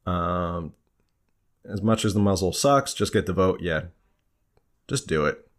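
Low-voiced man hosting a casual livestream. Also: expressive, measured pace. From New Jersey. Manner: loose, conversational, frequent fillers and restarts. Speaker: livestream host. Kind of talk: casual live-stream chat answering viewer questions.

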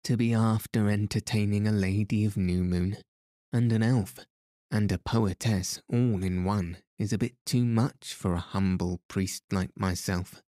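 A man's voice: fairly low pitch, fairly even intonation, unhurried, dark tone, dry recording, lightly acted. A man reading the part of a genial, teasing middle-aged priest with dry, playful humor. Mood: gently teasing.

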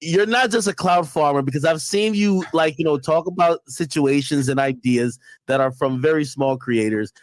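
A man moderating a live-stream debate, cutting in to calm things down. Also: a little high, moderate pace, few pauses, no room sound.

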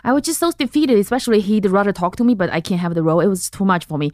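A woman's voice: mid-range voice, rapid-fire, dry recording, clean studio sound. Chinese-accented woman telling stories. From central China. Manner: animated storytelling, acts out other people's lines. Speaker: guest comedian. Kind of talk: casual podcast chat.

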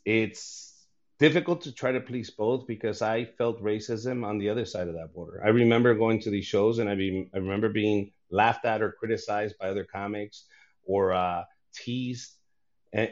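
A man's voice: fairly low pitch, lo-fi sound. A man, a comedian, talking in a casual podcast chat, blunt and profane, laughing often. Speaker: comedian guest.

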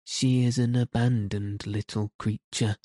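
A man's voice: fairly low pitch, little pitch movement, measured pace, warm tone, no echo, studio quality, close to an everyday voice. Wendy, a man reading as a prim girl. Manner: prim and earnest. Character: Wendy, a prim earnest young girl playing mother.

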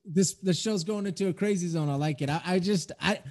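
A woman's voice: lowish voice, a little fast, a little mellow. A woman in a casual discussion who asks eager questions.

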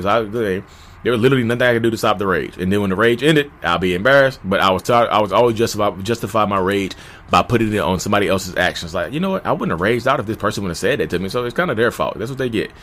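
Addressing his audience as "y'all," a thirty-something podcast host recounts his personal story candidly and conversationally. When he acts out arguments, his voice leaps up to a shouting pitch.

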